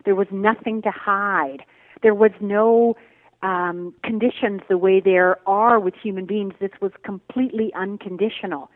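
A woman guest, a meditation teacher, speaking in a thoughtful, searching way with many pauses. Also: medium pitch, fairly even intonation, dry recording. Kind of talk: reflective spiritual interview talk. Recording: phone-like remote call audio.

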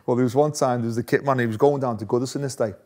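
A man's voice: medium pitch, fairly even intonation, fast, a little mellow. A man, a former footballer, telling stories in a casual interview, laughing often. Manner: chatty, laughs often, restarts phrases.

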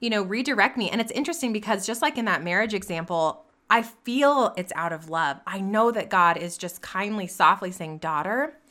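A woman's voice: mid-range voice, moderate pace, hardly any pauses, pushed and bright. A woman hosting a faith-based talk, speaking earnestly and piling up repeated phrases for emphasis. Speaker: podcast host.

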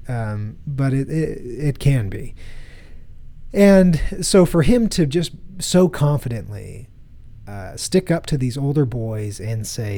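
A man's voice: medium pitch, mellow. A man in his thirties giving an earnest, conversational talk to an audience. He tells personal stories and repeats himself as he goes. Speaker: speaker addressing an audience.

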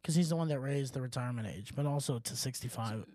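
A man's voice: mid-range voice, quick pace, dark tone, no echo, clean studio sound. A man co-hosting a podcast in casual chat, joking and laughing often. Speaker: podcast co-host.

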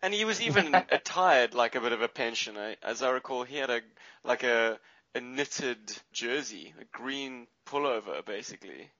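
A man's voice: mid-range voice, lively intonation, normal speed, sharp tone, no room sound, lo-fi sound. A man in a casual chat, making wry asides with a chuckle.

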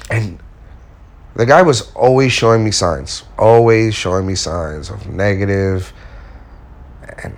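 A self-help speaker gives viewers blunt, candid life advice in a casual motivational talk. He has a fairly low pitch and tells stories, acting out the quotes.

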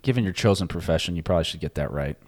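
A man's voice: sits low, expressive, rapid-fire, darkish tone, dry recording. A man in his late thirties co-hosting a podcast, bantering in a laid-back, self-deprecating way. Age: 30s. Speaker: podcast co-host. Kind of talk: casual podcast chat.

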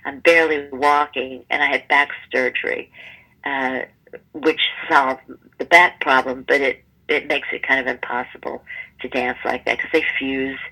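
Bright-voiced woman in her seventies. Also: very deep voice, moderate pace, poor audio. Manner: lively, acts out the people in her stories. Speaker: guest, stage performer. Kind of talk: conversational storytelling.

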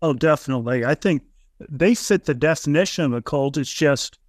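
A man on a podcast, choosing his words in a measured, deliberate way. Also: a little high, no room sound, clean studio sound. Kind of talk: podcast interview conversation.

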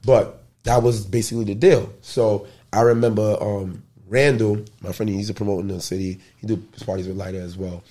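Here a man from the Bronx, New York, speaks in a lowish voice at a brisk clip. As a guest in a casual interview, he tells loose, animated stories full of slang and profanity.

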